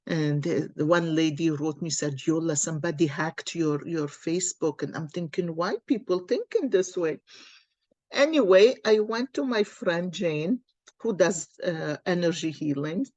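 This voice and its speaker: A woman's voice: low-pitched, a little slow, a little mellow, no echo. A woman card reader telling a personal story in a casual, earnest, encouraging way.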